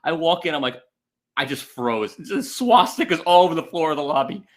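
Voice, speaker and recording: A man who is a guest on a podcast, chatting casually and firing off quick wisecracks with mock outrage. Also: fairly high pitch, animated. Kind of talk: casual comedic chat.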